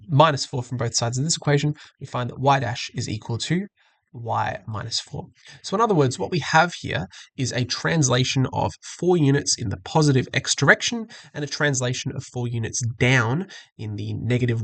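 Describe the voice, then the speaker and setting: A man's voice: mid-range voice, gravelly, no room sound. A man teaching maths, walking through an exam question patiently and methodically and correcting himself as he goes. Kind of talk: screen-recorded exam walkthrough.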